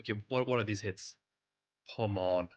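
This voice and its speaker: A young man giving live commentary on his own gameplay, excitable and pleading with the game. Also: on the low side, normal speed. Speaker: gaming streamer.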